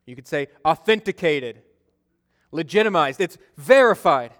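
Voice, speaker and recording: Pastor with a high, smooth voice. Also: male voice, expressive, unhurried, fairly bright tone. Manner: conversational, storytelling with acted-out quotes. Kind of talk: sermon. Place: church sanctuary. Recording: long reverb of a church hall.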